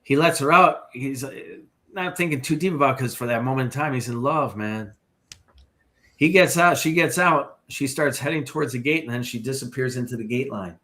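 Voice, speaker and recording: Man, tour guide spinning a ghost tale, animated with asides, middle pitch, echoey room. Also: a little fast. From Chicago area. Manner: animated storyteller with many asides. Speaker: paranormal tour guide, guest. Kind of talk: ghost-story telling on a podcast.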